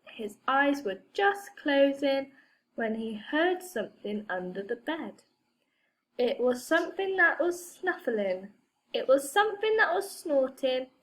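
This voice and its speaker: A woman reading a children's storybook aloud in an expressive manner. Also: fairly high pitch.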